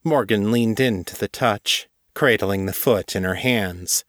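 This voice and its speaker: A man narrating a story in a steady, measured audiobook-style reading. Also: lowish voice, no echo, studio quality. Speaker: narrator and author.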